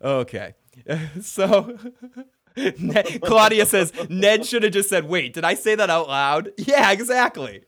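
A man's voice: sits high, animated, takes it slowly, a bit bright. Profane ranting man. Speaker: podcast co-host. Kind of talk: casual recap chat.

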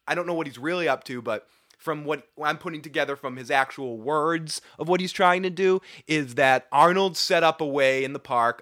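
A man's voice: mid-range voice, bright, forceful tone, no room sound, clean studio sound. A young man from Boston with a Boston accent, hosting a casual live recap chat, rambling and swearing freely with frequent laughs. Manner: profane, rambling, laughs often. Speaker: livestream show host.

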